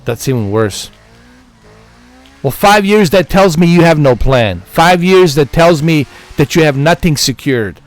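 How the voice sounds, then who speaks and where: A man's voice: fairly high pitch, animated, unhurried, dry recording. Profanity-laced ranting man, gaming vlogger. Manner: profane, repetitive, exasperated. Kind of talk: heated rant to camera.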